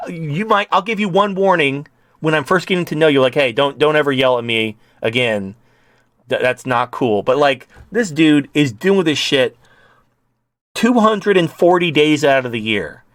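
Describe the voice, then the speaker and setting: Man, profane ranting commentator, a bit high voice, dry close sound. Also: a bit bright, no echo. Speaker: online commentator.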